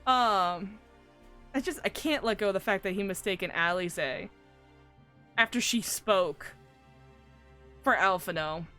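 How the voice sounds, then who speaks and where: A woman's voice: medium pitch, measured pace, long pauses, pushed and bright, smooth. A woman streamer chatting casually and animatedly about a game, swearing and laughing a lot. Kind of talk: casual live-stream chat. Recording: faint game music behind.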